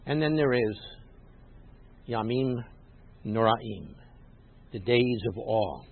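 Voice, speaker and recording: Rabbi delivering a sermon, slightly husky, emphatic swells, tinny phone-like sound. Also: male voice, mid-range voice, animated, slow pace. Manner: emphatic, rises loud on scripture quotes, teacherly asides.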